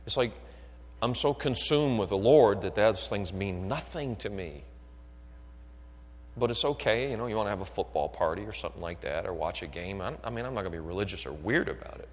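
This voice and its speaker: A man's voice: lowish voice, expressive, fairly quick. A man preaching a sermon who keeps asking his listeners whether they are still with him. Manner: builds from quiet talk to shouted fervor. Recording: long echo of a hall.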